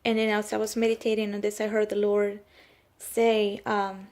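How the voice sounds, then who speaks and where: A young woman tells a personal spiritual testimony in a plain, mid-pitched voice. She speaks haltingly, with many um and uh fillers. When she relays divine words, she slows down and turns solemn. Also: monotone, darkish tone, a little hiss or hum. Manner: hesitant, with frequent um and uh fillers. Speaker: homeschooling mother sharing a prophetic word.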